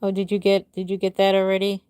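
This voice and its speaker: A middle-aged woman chatting through a live stream from her home, answering viewer comments one at a time. Her voice sits in a middle range and often trails off soft and low at the end of a thought. The sound is dry and close, with no room echo. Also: completely flat delivery, quick pace, smooth. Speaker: reborn doll artist hosting a live stream.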